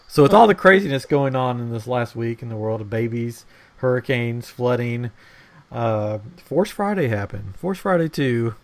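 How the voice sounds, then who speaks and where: A man's voice: mid-range voice, expressive, unhurried, long pauses. Teasing man hosting a podcast. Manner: upbeat and teasing, laughs often. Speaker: podcast host. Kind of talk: casual chat.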